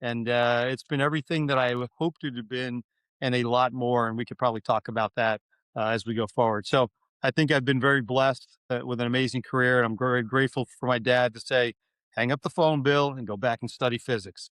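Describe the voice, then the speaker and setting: A man's voice: mid-range voice, fairly even intonation, brisk, fairly bright tone, clean tone, dry recording. A middle-aged man from New York, a university president, telling his career story as a podcast guest, earnest, with many fillers and restarts. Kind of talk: conversational storytelling.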